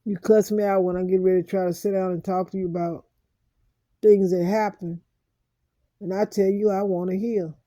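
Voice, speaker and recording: A woman in a personal vlog monologue, talking slowly with heavy pauses and repeating her hurt, aggrieved lines over and over. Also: medium pitch, steady tone, dark tone, no room sound. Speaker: vlogger.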